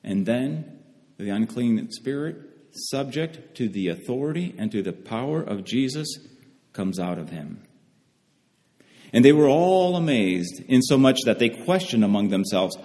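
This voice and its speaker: A man's voice: mid-range voice, expressive, measured pace, darkish tone. A man preaching a sermon in an earnest way, often repeating phrases for emphasis. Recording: long hall reverb.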